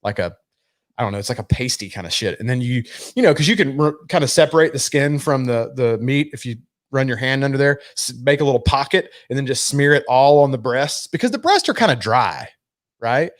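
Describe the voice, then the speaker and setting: A man's voice: medium pitch, brisk. A man co-hosting a podcast in casual chat, telling stories with a lot of swearing and laughter. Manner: animated, laughing, profane storyteller. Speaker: podcast co-host.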